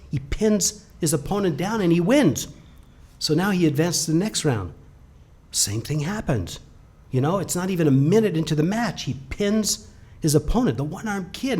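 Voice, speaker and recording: A man presenting a webcast, telling a motivational story with an animated delivery that swings from loud bursts to hushed lines. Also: on the high side, husky.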